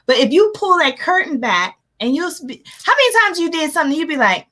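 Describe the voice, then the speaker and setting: A woman life coach giving an energetic motivational talk, animated and laughing often as she acts out her own reactions. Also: high voice, a little fast, few pauses. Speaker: life coach hosting a live motivational session.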